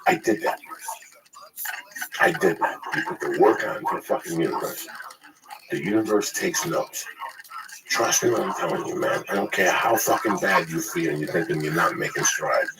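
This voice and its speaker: A man's voice: low-pitched, moderate pace, distant mic. A man in casual profane chat, telling blunt stories with acted quotes about hustling. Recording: noisy recording.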